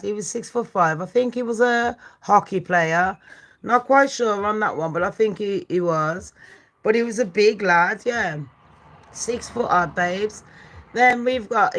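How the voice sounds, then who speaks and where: Hosting a live stream, a woman in her forties swears, rants at chat and picks fights with commenters between true-crime talk. She has a mid-range, fairly bright voice and a confrontational, foul-mouthed delivery.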